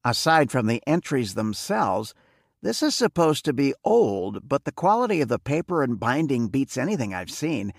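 A man narrating a story in the first person, in a plain and steady manner. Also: medium pitch, normal speed, gravelly, dry recording, studio quality. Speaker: audiobook narrator.

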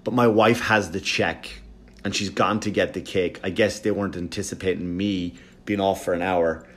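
A man voicing an apologetic male party organizer in a low, sheepish tone. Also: fairly even intonation, normal speed, close to an everyday voice.

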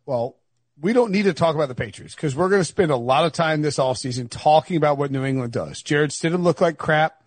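High, husky-voiced man hosting a podcast. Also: a little fast, no echo. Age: adult, married. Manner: animated, exasperated riffing with stumbles and restarts. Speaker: podcast host. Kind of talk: casual sports podcast chat.

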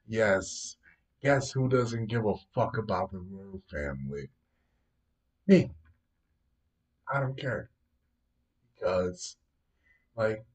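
Slow, cursing man, off-mic. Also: fairly low pitch, a little mellow. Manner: dismissive, heavy swearing, rambling fillers like "yo" and "know what I mean". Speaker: host commenting on news stories. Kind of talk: casual profane commentary. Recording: voice distant from the mic.

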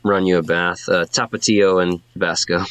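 A man narrating as game master in a halting way, with many fillers. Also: low-pitched, fairly even intonation, fairly bright tone, clear, resonant tone, no echo.

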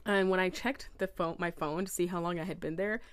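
A woman's voice: on the low side, a little fast, clear, resonant tone, no room sound. A young woman co-hosting a casual chat, telling a dating story with lots of laughter and acted-out quotes. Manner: animated, laughs often, acts out quoted voices.

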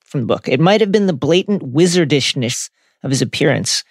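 A man co-hosting a book discussion podcast, retelling chapters in a wry, lively way. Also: fairly high pitch, brisk, dry recording, clean studio sound. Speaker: podcast co-host.

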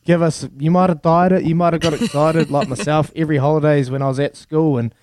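A man's voice: a little high, fairly even intonation, fast talker, darkish tone, dry recording, studio quality. A man in his thirties with a New Zealand accent, co-hosting breakfast radio in a jokey, storytelling chat. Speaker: radio co-host. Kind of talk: casual breakfast radio banter.

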